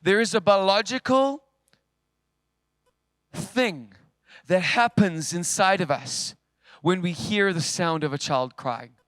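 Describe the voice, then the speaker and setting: A male preacher with a high, bright voice tells a story from the pulpit. He swings between loud, forceful lines and near-whispers. The sound is close and dry. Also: lively intonation, slow, pauses often, dry recording. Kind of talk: sermon storytelling. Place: church.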